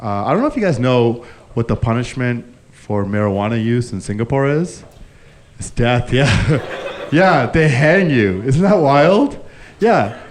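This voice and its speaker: A man's voice: mid-range voice, sing-song, a little slow, a little hiss or hum. A man from Canada performing a stand-up comedy set on a club stage into a handheld mic, laughing at his own jokes and swearing freely.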